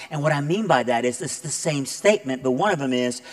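A man preaching a sermon as a guest speaker, telling stories conversationally with many fillers and building to loud, emphatic peaks. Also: medium pitch, rapid-fire, few pauses. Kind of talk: sermon with storytelling.

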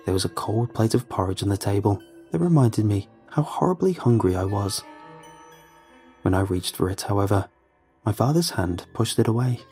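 A man reads a first-person horror story with measured, ominous pacing. His voice sits low and mellow, with a dark warmth. Faint music plays quietly behind him. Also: animated. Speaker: narrator. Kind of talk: scripted horror narration.

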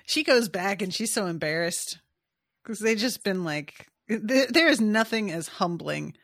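A woman's voice: medium pitch, expressive, a little slow, a bit bright, no room sound, clean studio sound. A woman co-hosting a book podcast, chatting eagerly about a novel, reading passages aloud and adding chatty asides. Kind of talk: casual book discussion.

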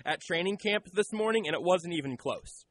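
A man hosting sports radio, chatty and joking as he steers the talk. His voice sits a little high, with a faint hiss in the background. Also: animated, a little fast, fairly bright tone, low-quality recording. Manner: chatty, jokey, leads questions.

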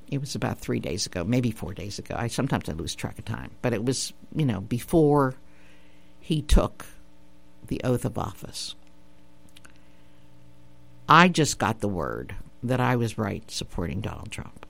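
Animated, emphatic woman talk radio host. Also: extremely low pitch, moderate pace, vocal fry. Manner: emphatic, repeats points, asks rhetorical questions. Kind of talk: opinionated talk radio chat. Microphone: studio radio mic.

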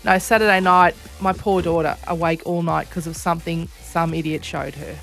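An Australian woman in her thirties or forties co-hosting a breakfast radio show, telling a chatty, animated story close to a studio microphone. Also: fairly low pitch, normal speed, vocal fry, faint music behind. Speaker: radio co-host. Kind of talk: casual breakfast-radio banter.

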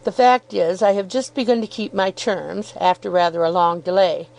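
A woman's voice: medium pitch, steady tone, moderate pace, gravelly, a little mellow, close to an everyday voice, poor audio. A woman voicing a good-humoured, cheerful young law student in an audiobook, chuckling and self-deprecating. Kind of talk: audiobook character reading.

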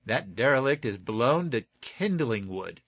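A man's voice: mid-range voice, very animated, unhurried, fairly bright tone, breathy edge, heavily acted. A man voicing a confident, hearty male naval lieutenant with emphatic exclamations.

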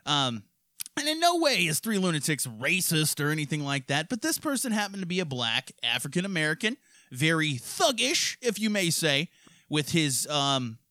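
A man from hosting a podcast, telling crude stories in a rowdy, profane, animated way. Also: on the high side, normal speed, dry recording, clean studio sound. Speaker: podcast host. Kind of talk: crude casual storytelling.

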